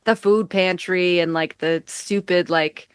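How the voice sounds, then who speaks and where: An American woman with a lowish voice chats as a podcast guest, rambling from thought to thought and leaning on "like" at every turn. Her voice is dry and close, with no room sound around it. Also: steady tone, a little slow, clear, resonant tone, no room sound. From United States. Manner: rambling, heavy use of "like". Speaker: musician guest. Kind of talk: casual chat. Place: home in upstate New York.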